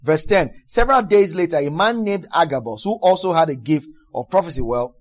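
A man's voice: a little high, lively intonation, fairly quick. A male preacher delivering a fervent sermon, repeating his appeals and reading aloud from scripture. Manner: fervent, repetitive, prays in tongues.

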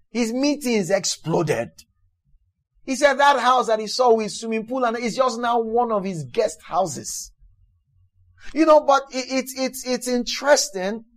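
A male preacher delivering a fervent sermon, repeating his appeals and reading aloud from scripture. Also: high voice. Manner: fervent, repetitive, prays in tongues.

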